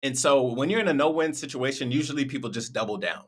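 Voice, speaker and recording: A man's voice: mid-range voice, fast, breathy edge. A man hosting a reaction video, talking casually and chatting directly to his viewers.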